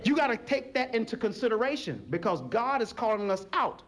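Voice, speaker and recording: A male preacher with a high voice that swings widely in pitch as he preaches. He uses folksy phrasing and keeps calling out to the congregation for answers. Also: brisk. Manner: animated call-and-response preaching, folksy phrasing. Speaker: pastor. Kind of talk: sermon.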